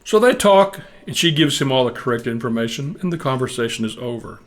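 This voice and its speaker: A man in his seventies from Texas, a musician and storyteller, tells a wry story to a live crowd in his Texan accent. He sounds animated, speaking fairly quickly at a medium pitch.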